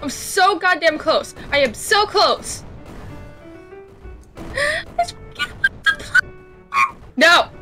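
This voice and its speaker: A woman's voice: very high voice, animated, a little slow, few pauses, bright, forceful tone, faint music behind. A young woman playing a video game with a friend, cursing and screaming in frustration. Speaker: co-player. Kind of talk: let's-play gaming commentary.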